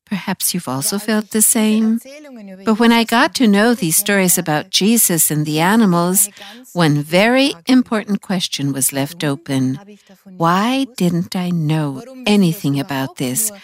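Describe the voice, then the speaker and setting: A woman's voice: lowish voice, expressive, a little slow. A woman presenting a scripted spiritual talk, earnest and heartfelt.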